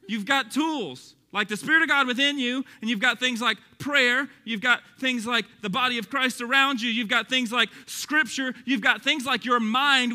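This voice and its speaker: High-voiced Texan pastor preaching. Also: male voice, sharp tone, big-room sound. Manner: passionate, conversational preaching with rising emphasis. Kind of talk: sermon.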